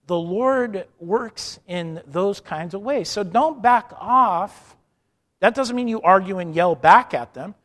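A man preaching a sermon emphatically, dropping soft and then rising loud, acting out the people in his stories. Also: high-pitched, in a large hall. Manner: emphatic, swings from soft to loud, acts out quotes.

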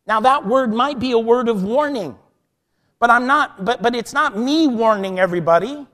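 A man with a strikingly high voice delivers a sermon in a hall with a long, lingering echo. He repeats his key lines slowly and leans into them, sometimes climbing to a near-shouted plea. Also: animated. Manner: preaching with slow emphatic repetition, rising to near-shouted prayer. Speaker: pastor.

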